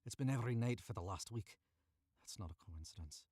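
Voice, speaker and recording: A man voicing a gruff, reclusive male lighthouse keeper in a growling Scottish accent, recorded in a cramped booth. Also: on the low side, expressive, brisk, a little mellow, no room sound, clean studio sound. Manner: curt, rough-spoken.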